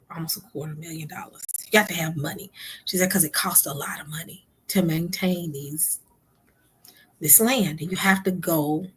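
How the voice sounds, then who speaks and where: A woman's voice: fairly low pitch, slightly rough. A woman hosting a live stream, chatting casually and retelling a conversation to her listeners. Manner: chatty, addresses listeners as "y'all". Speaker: host.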